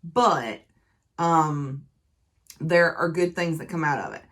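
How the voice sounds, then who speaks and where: A woman with a somewhat low voice talks through a book review in a relaxed, chatty way. She recaps the story conversationally, leaning on easy fillers as she goes. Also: slow.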